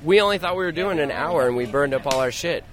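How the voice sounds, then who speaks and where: Tired, loud, profane young male host. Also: a little high, expressive, fast talker. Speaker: internet radio show host. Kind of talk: crude casual banter.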